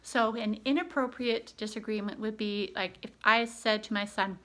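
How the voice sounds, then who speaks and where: A woman's voice: medium pitch, steady tone, normal speed, a bit bright. A woman in her thirties, a homeschooling mother, giving earnest, chatty parenting advice with frequent ums. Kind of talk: casual advice vlog.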